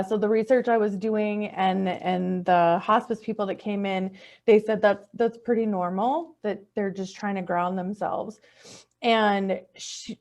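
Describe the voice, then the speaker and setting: A middle-aged woman telling a personal story in conversation, earnest and heartfelt, often restarting her sentences. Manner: acts out quoted speech in a higher, softer voice. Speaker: podcast guest.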